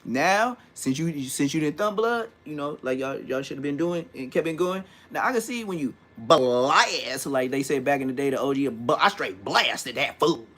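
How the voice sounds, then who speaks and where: Animated slangy man telling street stories. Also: on the high side, fairly quick, hardly any pauses. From California. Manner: animated slangy storytelling, mimics old homies' voices. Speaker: vlogger. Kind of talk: casual storytelling rant.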